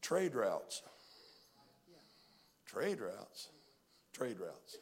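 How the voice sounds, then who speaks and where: A male pastor preaching a sermon, telling stories and swinging from hushed asides to shouts. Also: fairly low pitch, wildly swooping pitch, extremely slow.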